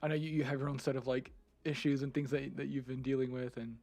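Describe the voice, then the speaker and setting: A man's voice: mid-range voice, flat delivery, fast talker, darkish tone. A man streamer in casual live chat, rambling freely, laughing often and swearing. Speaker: streamer and 3D content creator.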